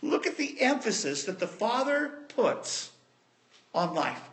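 A man preaching a sermon, retelling a story with animated storytelling and addressing the congregation directly. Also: very high voice, unhurried.

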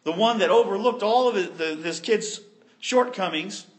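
A man preaching a sermon, retelling a story with animated storytelling and addressing the congregation directly. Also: high voice, normal speed.

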